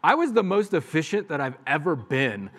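A man's voice: a little high, very animated, moderate pace, a bit bright. A man preaching a sermon as pastor, talking to the congregation in a plain, conversational way.

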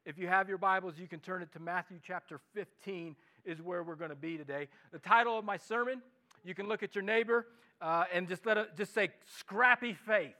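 A man with a Midwestern American accent preaching an earnest sermon at a church service, repeating words and rising to loud pleas. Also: high-pitched, brisk. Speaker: pastor.

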